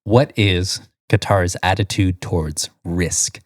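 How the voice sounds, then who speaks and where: A man's voice: low voice, steady tone, a little slow, no room sound, clean studio sound. A man co-hosting a casual podcast, reading quiz questions and options aloud in a sing-song way with frequent giggles. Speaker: podcast co-host.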